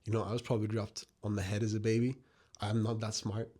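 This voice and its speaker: A man's voice: fairly low pitch, little pitch movement, fast talker, dark tone. A young man giving a casual, earnest spoken essay to his viewers, reflective and direct. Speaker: video essayist.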